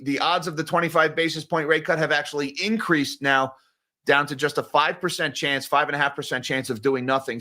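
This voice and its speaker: A man's voice: a little high, pushed and bright. A middle-aged man hosting a finance channel, casually commenting on market news and reading articles aloud, with sarcastic, exasperated asides and frequent restarts. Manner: conversational, with fillers and restarts.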